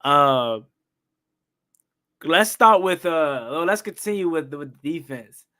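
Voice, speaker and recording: A young man hosting a live-stream football recap, excitable and repetitive, ranting and questioning the calls. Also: on the high side, slow pace. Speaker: sports talk host.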